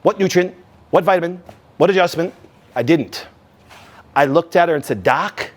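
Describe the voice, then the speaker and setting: A man hosting a health talk, emphatic and animated, acting out quoted remarks as he explains. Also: normal speed, pauses often. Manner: emphatic, with wide swings in pitch and loudness; acts out his own and others' quoted remarks. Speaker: wellness doctor and show host.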